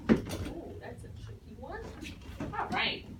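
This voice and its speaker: A woman teacher giving a phonics lesson to a class, explaining patiently and encouragingly. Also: slow pace. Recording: echoey room from far off with noise.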